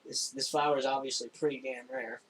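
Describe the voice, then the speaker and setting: A young man narrating a tabletop game as game master, in a casual, halting way with frequent laughs. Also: mid-range voice, level tone, fairly bright tone, a little hiss or hum, rough recording. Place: home room, recorded for a stream.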